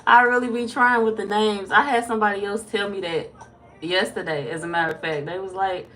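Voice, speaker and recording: A woman's voice: medium pitch, steady tone, moderate pace, fairly bright tone, a little hiss or hum. A woman tarot reader chatting casually on a live stream, greeting viewers by name and swearing freely.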